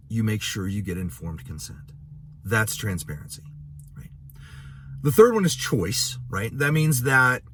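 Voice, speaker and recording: A man's voice: mid-range voice, a little hiss or hum. A male midwife giving an educational talk, telling a painful story from his work in an earnest, emotional way and often saying "you know". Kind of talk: educational talk with personal stories.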